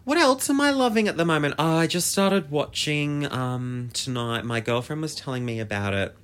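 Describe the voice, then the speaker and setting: A man hosting a casual solo podcast, chatty, camp and gossipy, his pitch jumping up high when excited. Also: moderate pace. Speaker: podcast host.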